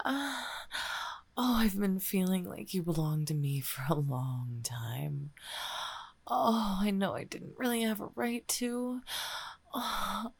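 Woman playing a shy, breathy gamer girl in whispered role-play. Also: a little high, no echo, full character voice. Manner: breathy, sighing, halting, flustered. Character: shy young woman gamer confessing her feelings. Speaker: audio role-play performer.

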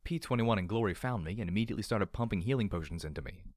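A man narrating a first-person story with a wry, lively delivery. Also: fairly low pitch, rapid-fire, no echo, studio quality. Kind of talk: audiobook storytelling.

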